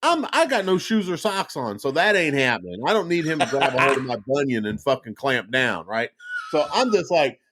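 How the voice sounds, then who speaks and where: A middle-aged man hosts a laid-back podcast chat, rambling through stories, swearing a lot, and restarting sentences as he goes. His mid-range voice is sing-song, a little quick, and somewhat bright.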